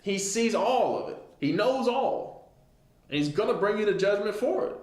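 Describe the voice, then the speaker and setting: A man teaching an informal Bible lesson, reading old scripture slowly and with emphasis, and often asking "right?" to check in with his listeners. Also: sits high, very animated, reverberant.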